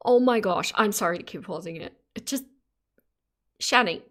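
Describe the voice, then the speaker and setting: A woman's voice: mid-range voice, moderate pace, slight background noise. Laughing Australian woman streamer. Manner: laughs often, chatty and teasing. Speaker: streamer reacting to videos. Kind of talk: casual live-stream commentary.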